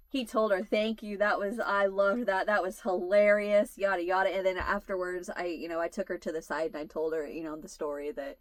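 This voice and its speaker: A woman in her forties tells a long family story in easy, casual chat. She keeps breaking into laughter as she goes, animated and warm with her audience. Her voice sits at a middle pitch and the recording is dry and close. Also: no echo. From United States. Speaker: channel host.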